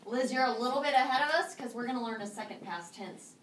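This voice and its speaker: A woman teaching a high school Spanish class, drilling students with call-and-response prompts in English and Spanish. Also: fast. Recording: echoey classroom from far off, faint noise.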